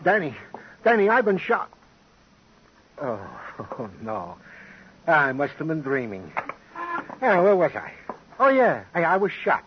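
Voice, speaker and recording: An actor playing a sentimental, florid police sergeant in a 1950s radio drama. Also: male voice, fairly high pitch, wildly swooping pitch, slow pace, long pauses, full character voice. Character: warm-hearted heroic police sergeant, a man. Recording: dull old radio recording with hiss.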